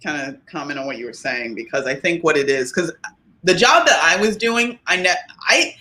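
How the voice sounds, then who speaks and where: Animated bright-voiced woman. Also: low voice. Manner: animated, joking, quick laughs. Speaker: podcast co-host. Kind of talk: casual podcast chat.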